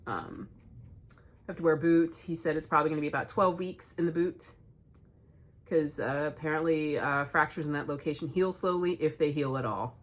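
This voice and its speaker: A woman, hosting a knitting vlog, telling stories in a chatty, animated way and laughing often. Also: sits low. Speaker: knitting podcast host. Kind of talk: casual storytelling vlog.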